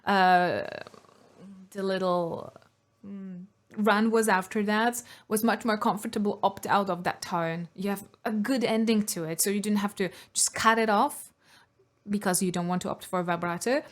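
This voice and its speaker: A woman's voice: mid-range voice, steady tone, moderate pace. A woman vocal coach giving analytical reaction commentary on singing technique, sometimes singing short demonstrations.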